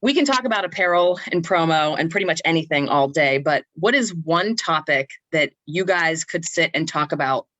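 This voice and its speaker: A woman's voice: low-pitched, lively intonation, normal speed, hardly any pauses, a bit bright, no echo, highs cut off. A young woman co-hosting a casual podcast chat, talking in a loose, laughing way and often restarting her sentences. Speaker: podcast co-host.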